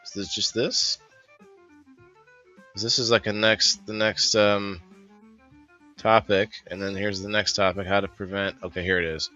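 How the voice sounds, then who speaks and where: A man's voice: fairly low pitch, little pitch movement, a little slow, long pauses, bright, forceful tone, lo-fi sound, faint music behind. A male host in casual, jokey chat, rambling through news items and putting on silly accents.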